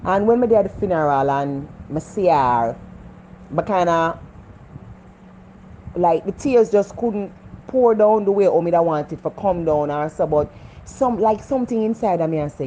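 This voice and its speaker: A woman's voice: fairly low pitch, animated, normal speed, dark tone, slight background noise. A woman with a Jamaican accent giving a heartfelt motivational talk, earnest and repetitive as she preaches life lessons. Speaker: vlogger.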